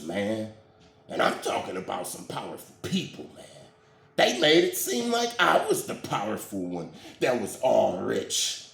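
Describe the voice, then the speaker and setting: A man giving casual spiritual commentary in an animated, slangy way, often tagging "man" onto his lines. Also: a little high, reverberant.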